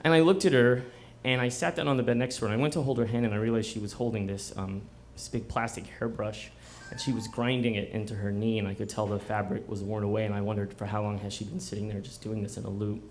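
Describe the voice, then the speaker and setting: A man's voice: lowish voice, steady tone, fast talker, hardly any pauses. Man telling a self-mocking story live. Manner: conversational and self-mocking, breaks into laughter. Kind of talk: live first-person storytelling. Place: bookstore event before a live audience.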